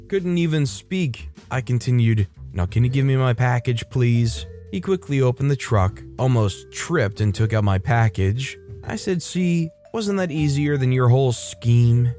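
Brief: male story narrator, mid-pitched, soft music underneath, reads first-person stories and voices the quotes. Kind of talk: scripted narration of online stories.

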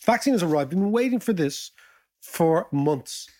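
A man hosts a casual podcast, talking in a fairly high voice that swoops up and down as he jokes. He moves briskly between banter and economics. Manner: animated, jokey, swoops up in pitch. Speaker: podcast host.

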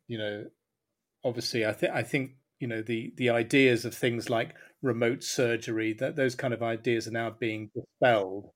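A man, a podcast guest, answers thoughtfully, often repeating words and restarting as he thinks. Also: medium pitch. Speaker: podcast guest, industry analyst. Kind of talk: conversational expert answer. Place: London.

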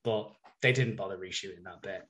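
A man's voice: low-pitched, a little fast, fairly bright tone. A man casually recapping a TV episode as a podcast host, chatty and sweary, laughing as he goes.

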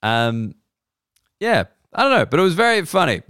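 An Australian man, a comedian hosting a podcast, telling a rambling, profane story in casual chat and jumping between a quick mutter and sudden high bursts. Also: big pitch swings, bright, forceful tone, clean tone, no room sound, clean studio sound. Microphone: close podcast mic.

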